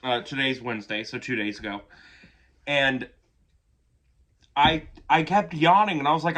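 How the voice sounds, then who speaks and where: A man's voice: mid-range voice, moderate pace, pauses often, fairly bright tone. A man giving casual reaction commentary on an album, gushing and chatty, who swears casually and keeps yawning. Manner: yawns often. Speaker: music reaction youtuber.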